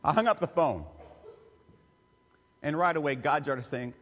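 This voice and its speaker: A man, a pastor telling a personal story in a sermon with emotional, confessional warmth. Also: on the high side, lively intonation, a little slow. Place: church sanctuary. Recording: long reverb of a church hall.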